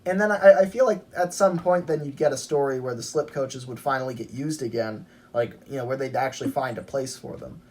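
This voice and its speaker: A woman's voice: extremely low pitch, a little fast, hardly any pauses, dark tone, slight background noise. A young woman co-hosting a podcast, chatting casually with lots of fillers and restarts. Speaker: podcast co-host. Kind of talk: casual fan chat.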